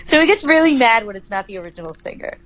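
Giggly high-voiced woman co-host. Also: fast talker, crowd noise. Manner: giggly, chatty and animated. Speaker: podcast co-host. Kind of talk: casual chat. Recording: slightly dull lo-fi sound.

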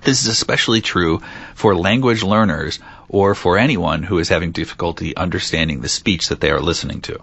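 Low-voiced man hosting a podcast. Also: fairly quick, creaky, fairly bright tone, slightly rough, lo-fi sound. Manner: reads out facts, teasing, laughs often. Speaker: podcast host. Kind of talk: casual podcast chat.

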